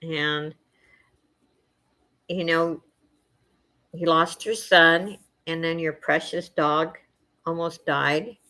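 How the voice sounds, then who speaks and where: A middle-aged woman hosting a casual chat with her viewers, soft-spoken and emotional, wandering from thought to thought with many fillers. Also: deep voice, fairly even intonation, extremely slow, pauses often. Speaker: channel host chatting with viewers.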